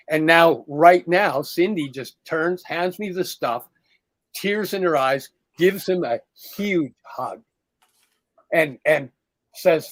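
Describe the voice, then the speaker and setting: A middle-aged man with a fairly high voice tells a story in relaxed podcast chat. He acts out each quoted line, his voice jumping up for the other people. The sound is dry and close. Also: measured pace, dry recording. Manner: animated, acts out quoted dialogue in a raised voice. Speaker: podcast co-host.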